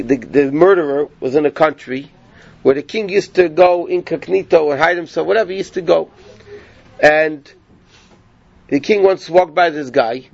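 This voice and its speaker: A man with a voice on the high side teaches a Torah class, retelling a rabbinic story conversationally and checking in with listeners by asking "yeah?" The recording is muffled but has no echo.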